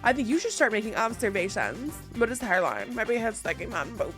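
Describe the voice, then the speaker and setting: A woman's voice: on the high side, fast, few pauses, faint music behind. A woman casually reading online posts aloud and breaking off for blunt, jokey commentary. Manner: animated, jokey, blunt, riffs between readings. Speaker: YouTuber reading Reddit stories.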